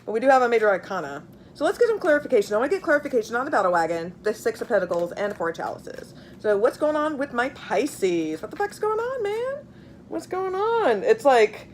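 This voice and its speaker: Against slight background noise, a woman with a somewhat high voice gives her viewers a laid-back tarot reading. Blunt and foul-mouthed, she fills the air with filler words and repeats herself chattily while pulling cards.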